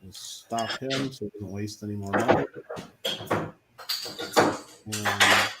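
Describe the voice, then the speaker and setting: A man's voice: fairly low pitch, fairly even intonation, slow, very noisy. A playful man chatting casually while playing a farming game, often laughing. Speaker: co-streamer. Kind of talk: casual gameplay chat.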